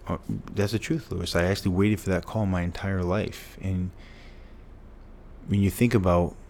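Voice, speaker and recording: A man's voice: deep voice, fairly even intonation, moderate pace, darkish tone, a little hiss or hum. A man, a former pro football player, telling an interview story in an earnest, emotional way with lots of repetition.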